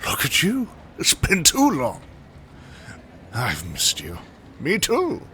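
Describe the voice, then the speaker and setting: A man voicing an effusive Italian man warmly greeting his partner. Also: fairly high pitch, wildly swooping pitch, takes it slowly, a little hiss or hum, voice pushed up, exaggerated voice. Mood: delighted. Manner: gushing, affectionate.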